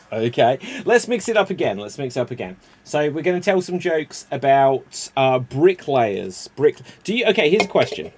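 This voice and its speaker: A man's voice: mid-range voice, big pitch swings. Chatty man hosting improv. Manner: laughs often, quick and chatty. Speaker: improv game host. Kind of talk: casual improv comedy hosting.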